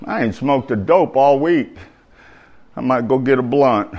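A man's voice: medium pitch, measured pace, a little mellow, dull audio. A preacher putting on a man in recovery making excuses. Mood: tempted.

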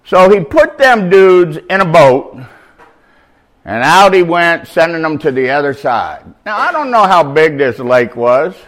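A man's voice: on the high side, very animated, unhurried, fairly bright tone. A middle-aged man preaching an informal, slangy sermon at a recovery meeting, shifting from easy talk to emphatic bursts.

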